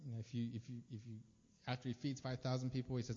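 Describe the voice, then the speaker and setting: A man's voice: medium pitch, level tone, very fast, a little mellow. Guy giving a chatty sermon, lots of likes and you knows, muffled lo-fi audio. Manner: casual, conversational preaching with many fillers. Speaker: preacher. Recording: dull, lo-fi sound with long reverb.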